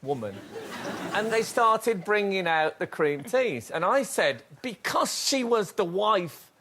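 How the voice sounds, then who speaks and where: A man's voice: high-pitched, lively intonation, takes it slowly, fairly bright tone. A man hosting a comic panel show, telling joking anecdotes in casual chat, recorded in a TV studio with audience noise. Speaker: host.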